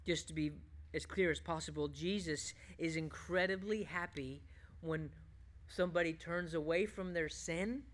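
Bright, high-pitched man preaching a sermon. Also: moderate pace. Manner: swings between loud emphatic bursts and hushed, low reflective passages. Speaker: pastor.

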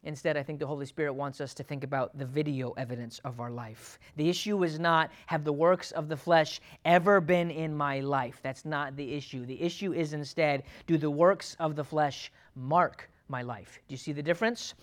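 A man, a pastor, delivers a sermon to his congregation at a moderate pace. He swings between loud, urgent pleading and quiet, low, earnest asides.

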